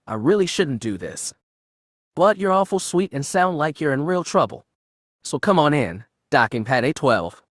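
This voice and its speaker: A man's voice: on the high side, big pitch swings, moderate pace, no room sound, studio quality. A man voicing a sleazy male traffic controller who talks in a thick oozing drawl, breathing heavily. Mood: eager.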